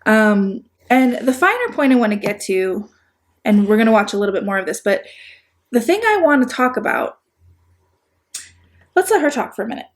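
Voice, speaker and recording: A commentary YouTuber with a Chicago accent gives rambling, sarcastic, self-deprecating commentary on a video in a casual video-essay style, full of restarts and asides. Her voice is a little high, with big pitch swings, normal speed, and frequent pauses.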